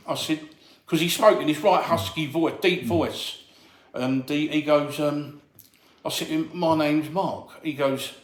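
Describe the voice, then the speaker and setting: A man with a somewhat high voice tells a story from his doorman days, slipping into the voices of the people he quotes. His telling is lively and animated. The sound is roomy and echoey. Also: normal speed. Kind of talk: casual anecdote telling. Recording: echoey room.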